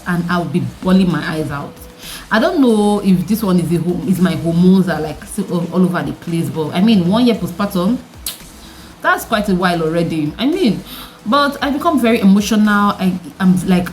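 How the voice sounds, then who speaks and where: Young woman, deep mature voice, chatty vlog delivery, faint background noise. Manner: animated, chatty, rhetorical questions to viewers, frequent laughs. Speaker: vlogger. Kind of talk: candid vlog chat to camera.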